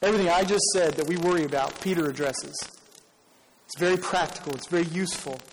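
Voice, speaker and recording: Conversational pastor preaching in a reverberant hall. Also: male voice, fairly high pitch, fast. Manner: conversational preaching with repetition and rhetorical questions. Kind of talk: sermon. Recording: long hall reverb, faint noise.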